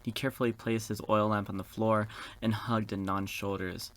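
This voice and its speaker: Deep-voiced sassy man reading a game aloud. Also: flat delivery, normal speed, a bit bright. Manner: sassy, campy and profane asides. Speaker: gaming video host. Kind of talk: reading a visual novel aloud with commentary.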